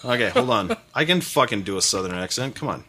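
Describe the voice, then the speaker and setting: A man from New England co-hosting a podcast, loud, profane and self-mocking, often breaking into laughter. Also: mid-range voice, huge pitch swings, fast, slight background noise. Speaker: podcast co-host. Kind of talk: casual podcast banter.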